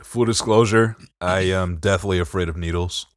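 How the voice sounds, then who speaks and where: Deep-voiced Detroit man. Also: fairly even intonation, moderate pace, dry recording, clean studio sound. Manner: candid, self-mocking, given to repeating himself. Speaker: podcast co-host. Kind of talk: casual podcast chat.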